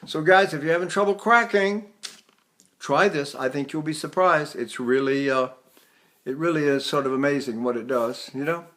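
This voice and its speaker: A man in his eighties teaching vocal technique, explaining in an easy conversational way and breaking into falsetto vocalises and sung vowels. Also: normal speed, a bit bright. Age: 80s.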